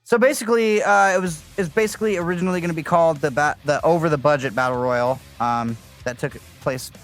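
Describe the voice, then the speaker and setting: A man's voice: a little high, fast talker, faint music behind. A man co-hosting a casual podcast, running through a list in a loose, joking way. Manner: reads out lists, loose and joking. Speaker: podcast co-host. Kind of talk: casual chat, running through a wrestling card.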